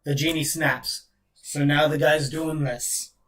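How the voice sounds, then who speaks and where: A chatty man hosting a live stream, with a slightly higher voice than most men. He mixes play-by-play calls with rambling jokes, casual and loose. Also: steady tone, takes it slowly, fairly bright tone.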